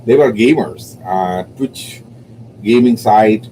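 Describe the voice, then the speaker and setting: A man's voice: fairly low pitch, slow, mellow, slight background noise, low-quality recording. A man with a non-native English accent, hosting a livestream and telling stories in a rambling, casual way, with frequent laughter. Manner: rambling, heavy use of "you know", frequent laughter. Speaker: livestream host and poet.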